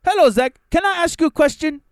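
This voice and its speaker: A man putting on the voice of a creepy, overly chatty male call-center agent who talks in a high, slow, singsong way. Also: lively intonation, no echo, clean studio sound.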